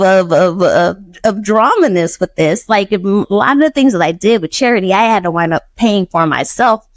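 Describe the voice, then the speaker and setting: A woman hosting a podcast, telling a personal story in a casual, animated way, acting out quotes and laughing often. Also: mid-range voice, normal speed, few pauses, dry recording. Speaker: podcast host.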